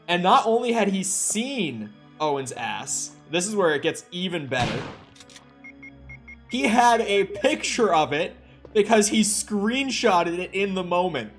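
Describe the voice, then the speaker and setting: Young guy streamer rambling thru a funny story, kinda high voice, laughs a lot, faint music under it. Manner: animated, laughing often, swears casually. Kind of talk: casual storytelling on a game stream.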